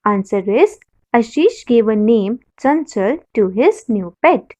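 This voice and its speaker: A woman's voice: a little high, lively intonation, takes it slowly, a little mellow, muffled recording. A woman teacher with an Indian English accent reads a story passage to young pupils, explains words and spells them out letter by letter. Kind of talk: classroom lesson, reading a passage and spelling words.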